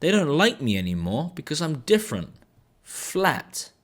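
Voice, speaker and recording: A man reading aloud and voicing an earnest young boy in a storybook, high and plaintive. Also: huge pitch swings, a little slow, full character voice. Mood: sad.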